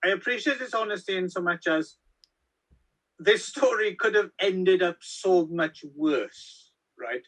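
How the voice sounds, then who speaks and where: A man's voice: high voice, lively intonation, measured pace, a bit bright, rough recording. A man co-hosting a film review show, chatting casually and often answering with brief agreement. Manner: agreeable, brief back-channel replies. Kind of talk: casual chat.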